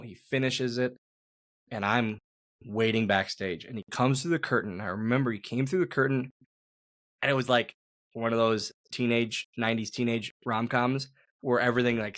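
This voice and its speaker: A man's voice: medium pitch, steady tone, moderate pace, fairly bright tone, no echo, studio quality. A man, a former wrestler hosting a podcast, telling a story in rambling casual chat, repeating words and swearing casually.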